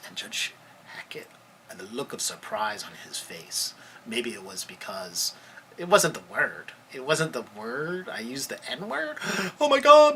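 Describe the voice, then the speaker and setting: A man, a lawyer hosting a podcast, telling a story in a halting, conversational way, often searching for words. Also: on the low side, pushed and bright, a little hiss or hum.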